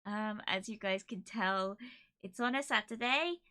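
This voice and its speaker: A woman streamer from the UK chatting casually to her live audience, emotional and laughing, with many pauses and fillers. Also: mid-range voice, pushed and bright. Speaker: streamer hosting an anniversary stream.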